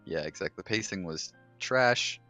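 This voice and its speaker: Brief: male podcast guest, lowish voice, relaxed and halting, light music bed. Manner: relaxed, hesitant with fillers and repeats. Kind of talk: casual podcast chat.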